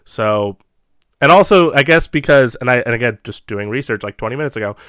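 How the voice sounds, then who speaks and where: A man's voice: medium pitch, lively intonation, fairly quick, a bit bright, dry recording, studio quality. A man co-hosting a casual chat, rambling in a laid-back way with frequent chuckles.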